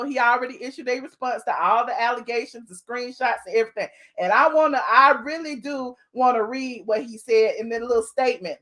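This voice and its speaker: High-pitched sassy woman host. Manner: animated, sassy, talks to chat as "honey". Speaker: show host. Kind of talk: casual live commentary.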